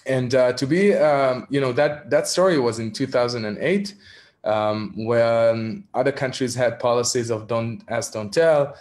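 A young adult man from Israel, an activist, candidly recounting a personal story in a virtual talk, with frequent ums and soft laughs. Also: mid-range voice, measured pace. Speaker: activist speaker. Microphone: video call.

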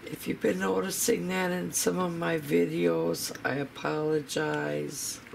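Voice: mid-range voice, little pitch movement, measured pace, creaky, background noise. A home cooking vlogger demonstrating a recipe in a casual, chatty way in a kitchen, talking straight to the viewers.

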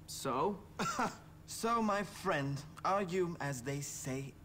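An actor playing a snobbish, affected rich preppy schoolboy in video game dialogue, with a haughty put-on English drawl. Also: male voice, on the high side, lively intonation, extremely slow, bright, forceful tone, a little hiss or hum, exaggerated voice. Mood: smug.

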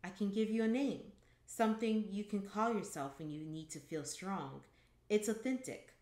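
A woman voicing an earnest Native American tourist guide who is anxious to please, in a low voice and an echoey room. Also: measured pace, darkish tone. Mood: eager. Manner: pleading, eager to be liked.

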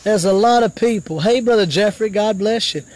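A man preaching a live sermon fervently, rising to shouts and dropping to murmured praise in between. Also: high-pitched, moderate pace, dry recording.

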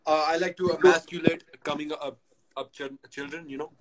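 A man joining a livestream by phone, talking in a halting, repetitive, mumbling way. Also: fairly high pitch, steady tone, a crowd in the background. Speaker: livestream guest. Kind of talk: casual chat.

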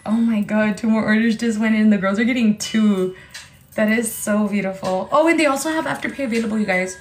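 A woman chatting excitedly as she sells clothes on a live stream, talking casually and swearing freely. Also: medium pitch, a little fast, reverberant, faint music behind, poor audio. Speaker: TikTok live seller. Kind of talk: casual livestream sales chat.

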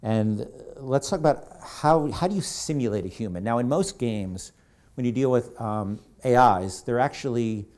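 A man's voice: lowish voice, warm tone. A man speaking as a game creative director in a live presentation to an audience, conversational and rambling with many asides. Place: event hall on stage.

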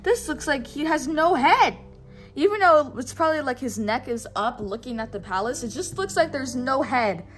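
A woman's voice: high voice, expressive, normal speed, slight background noise. A young adult woman teacher reading a storybook aloud, patiently prompting a child to repeat words after her.

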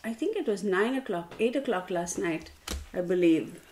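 A woman's voice: medium pitch, lively intonation, normal speed, darkish tone, slight background noise. A woman tarot reader telling a rambling story straight to her viewers, calling them y'all.

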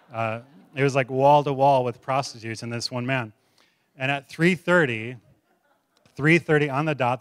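A man preaching a sermon, retelling a story with lively shifts in loudness and acting out the characters' voices. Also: medium pitch, no room sound, studio quality. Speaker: pastor. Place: church sanctuary.

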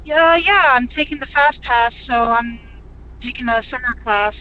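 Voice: medium pitch, moderate pace. A young adult calling in to a show, chatting in a friendly, easygoing way. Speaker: caller. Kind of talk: friendly phone-in chat. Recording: dull phone-in line.

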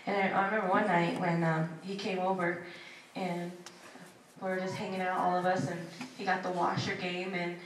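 Holding a handheld mic in a crowded memorial hall, this woman tells personal family stories in a chatty way, imitating the people she quotes and laughing a lot. Her voice is on the low side, fairly flat in pitch, at an ordinary pace. The recording is echoey and slightly noisy, with her distant from the mic and the audience audible.

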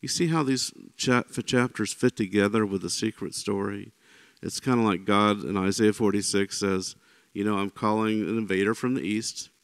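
A man leads an informal Bible teaching in a conversational, chatty way, often checking in with his listeners. His voice sits a little low and carries a gravelly rasp. The sound is dry and close, with no room around it. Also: moderate pace, no echo. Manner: conversational, often checks in with "right?" and "you know"; animated when voicing quoted speakers.

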